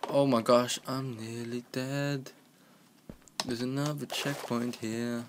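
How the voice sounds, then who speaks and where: A young man giving joking, excitable commentary while playing a game, with keyboard clicks in the background. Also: medium pitch, slow pace, noisy background. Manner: excitable, joking self-talk. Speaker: gaming commentator. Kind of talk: casual gameplay commentary. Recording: home recording with keyboard clicking.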